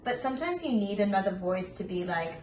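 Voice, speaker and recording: A woman's voice: medium pitch, sing-song, fairly quick, a little mellow. A young woman co-hosting a podcast in casual chat, telling rambling, reflective stories. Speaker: podcast co-host. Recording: roomy, slightly distant mic with faint room noise.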